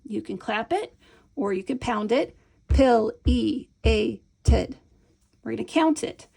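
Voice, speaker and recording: A Montessori teacher with a medium-pitched voice and vocal fry gives an instructional demonstration of a hands-on reading lesson. She is patient and encouraging and often checks in with the viewer.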